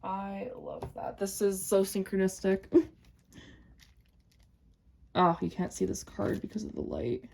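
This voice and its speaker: A young woman giving an intuitive tarot reading to camera, speaking gently and repeating her points straight to the viewer. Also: medium pitch, steady tone, unhurried, gravelly, long pauses. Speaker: tarot reader.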